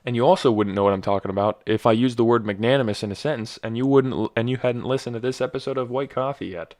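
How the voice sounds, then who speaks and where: A man's voice: medium pitch, quick pace, a little mellow. A young man hosting a casual solo podcast, rambling and joking, often stumbling and correcting himself. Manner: rambling, self-correcting, jokey. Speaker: podcast host.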